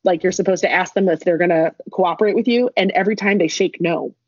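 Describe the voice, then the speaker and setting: Through a lo-fi recording that is dry and a little muffled, a young woman with a husky, slightly breathy, fairly low voice meanders through a long casual story, dropping in asides and quick laughs.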